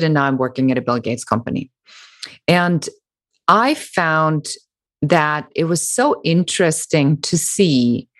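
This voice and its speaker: A woman author and entrepreneur answering interview questions in an animated, emphatic way. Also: deep voice. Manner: animated, emphatic, mocking quoted critics.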